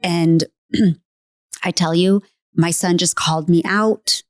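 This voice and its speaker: A woman's voice: lowish voice, slow pace, no room sound, clean studio sound. A middle-aged woman hosting a faith podcast, talking casually and animatedly, laughing often. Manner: animated, laughs often, acts out quoted voices. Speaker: podcast host.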